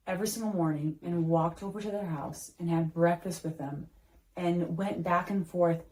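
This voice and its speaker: A woman's voice: lowish voice, fairly even intonation, moderate pace, darkish tone, poor audio. A woman in her thirties, a podcast host, telling a heartfelt family story in a casual chat, with lots of fillers and restarts.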